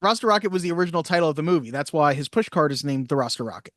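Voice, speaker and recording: A man co-hosting a casual movie podcast, reading trivia facts briskly and chatting. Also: on the high side, animated, fairly bright tone, no echo, clean studio sound. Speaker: podcast co-host.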